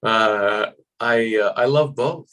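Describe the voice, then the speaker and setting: Male American actor, low register, animated storyteller, casual interview guest. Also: slow, poor audio. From United States. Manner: animated, acts out voices in anecdotes, frequent fillers.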